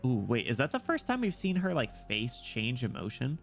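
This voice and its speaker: A man's voice: medium pitch, wildly swooping pitch, creaky, soft background music. Joking, foul-mouthed male streamer. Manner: crude, joking, quick reactions with laughter. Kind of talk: casual gaming stream commentary.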